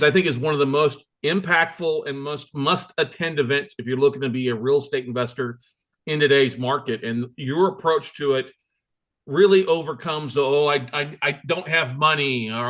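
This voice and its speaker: Hyped-up bright-voiced male host. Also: medium pitch. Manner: hyped, enthusiastic, emphatic. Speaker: podcast host. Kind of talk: energetic show interview.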